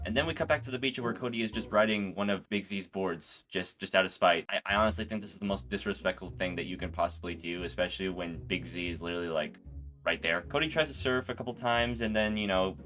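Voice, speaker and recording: Sarcastic young man with a bright voice. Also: deep voice, quick pace, faint music behind. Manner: sarcastic, rambling, with stammered restarts. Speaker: video creator. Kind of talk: casual movie recap commentary.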